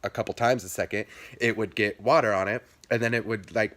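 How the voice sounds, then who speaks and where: A young man vlogging a childhood story in casual chat, animated, jumping into squeaky high voices for quotes and dropping low for asides. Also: fairly quick, background noise.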